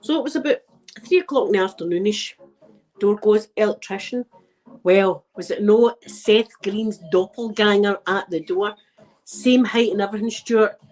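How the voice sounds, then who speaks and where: An older Scottish woman, an ASMR vlogger, speaks to camera at normal speed in a mid-range, slightly mellow voice. She chats and tells funny stories straight to her viewer, laughing as she goes.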